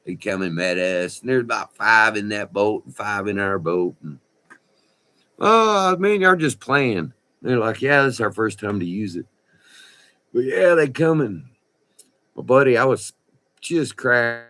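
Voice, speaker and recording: A man, telling a rambling, profane story in a folksy, animated way. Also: lowish voice, normal speed. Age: 60s. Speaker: vlogger. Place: indoors by a window.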